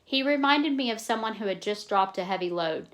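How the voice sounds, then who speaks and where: A woman reading a novel aloud in a plain, steady way, stopping now and then to explain in casual asides. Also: mid-range voice, brisk. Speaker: reader.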